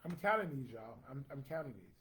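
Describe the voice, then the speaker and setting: A man's voice: medium pitch, very animated, a little fast, fairly bright tone, husky. Chatty man reading comments. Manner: chatty, playful, reads out names. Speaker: host reading viewer comments. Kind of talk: casual livestream chat.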